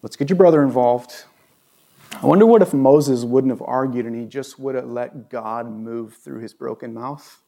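A man's voice: medium pitch, moderate pace, gravelly, few pauses, warm tone. A male pastor preaching a conversational sermon in a church, asking the congregation questions as he goes. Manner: conversational, asks the audience questions.

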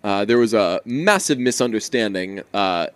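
A man co-hosting a podcast in casual banter, rambling and swearing freely with quick asides. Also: fairly low pitch, expressive, fairly bright tone, clean tone, dry recording. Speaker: podcast co-host.

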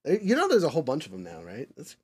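A man hosting a casual discussion podcast, rambling with lots of fillers and restarts, nerdy and quick to chuckle at his own tangents. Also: mid-range voice, huge pitch swings, crowd noise. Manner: rambling, filler-heavy, self-correcting. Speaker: podcast host.

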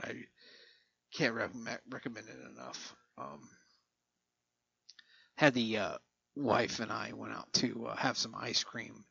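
Gravelly, rambling middle-aged man. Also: fairly low pitch, bright, forceful tone. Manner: rambling, profane, chuckling. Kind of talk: casual rambling monologue. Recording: dull lo-fi recording.

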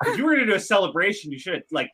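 A man's voice: high-pitched, big pitch swings, very fast, pushed and bright. A young man playing a tabletop game, rowdy and jokey, swearing now and then. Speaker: player. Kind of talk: casual tabletop game chat. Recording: audible background noise.

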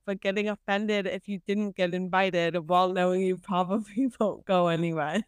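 Frank woman podcast co-host, smooth voice. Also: medium pitch, steady tone, fairly bright tone, no echo. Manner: frank, quick to laugh. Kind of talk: casual chat. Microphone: remote call recording.

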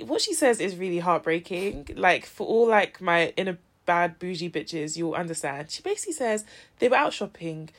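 Chatty young woman, lowish voice. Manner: animated, laughing, heavy use of "like". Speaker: podcast co-host. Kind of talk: casual chat.

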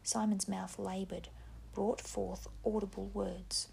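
A woman narrating a novel in a hushed, measured whispered reading. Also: medium pitch, level tone, vocal fry, slight background noise.

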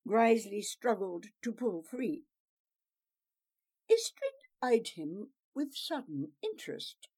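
A woman narrating a story in a measured, expressive reading. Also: mid-range voice.

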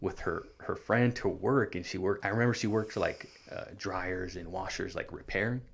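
A man from California, earnestly recounting his own hard childhood as an interview guest, halting and restarting often. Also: low-pitched, gravelly. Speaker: guest sharing his life story. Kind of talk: personal storytelling in an interview.

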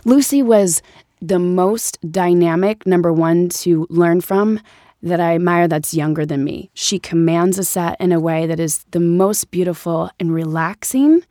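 A woman's voice: measured pace, dry recording, studio quality. A woman in her thirties, an actress chatting as an interview guest and acting out quoted voices as she tells stories. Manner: animated storyteller, acts out quotes in higher voices. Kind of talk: casual interview chat.

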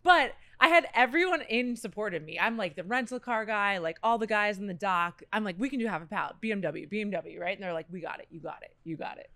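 A woman's voice: medium pitch, expressive, quick pace, hardly any pauses, bright, forceful tone, dry recording. A woman telling a shared story in a chatty, upbeat way. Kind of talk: casual storytelling.

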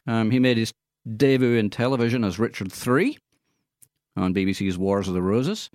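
Brief: male co-host of a radio movie show, casual, fumbling fillers, deep voice. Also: expressive, a little mellow, dry recording, studio quality. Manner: halting reading with many fillers, stumbling over foreign names. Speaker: radio film-news co-host. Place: radio studio.

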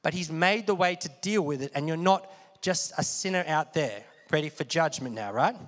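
A man preaching with a fairly high voice, his words ringing with long reverb from a large hall. He talks casually and keeps asking the congregation questions. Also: animated, normal speed, a bit bright. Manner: conversational, asks the audience questions often. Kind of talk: sermon.

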